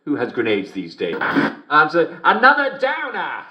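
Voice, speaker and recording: An actor playing a gleeful, smugly cruel middle-aged English television host in a video game, who giggles constantly between lines. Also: male voice, a little high, wildly swooping pitch, normal speed, pushed and bright, lo-fi sound, full character voice. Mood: jovial, mocking. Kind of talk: video game character performance. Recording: roomy echo.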